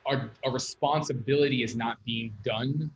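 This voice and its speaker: A man's voice: mid-range voice, fairly even intonation, normal speed, rough recording. A man who is a guest dog trainer on a podcast, explaining eagerly and repeating words as he starts. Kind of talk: podcast interview.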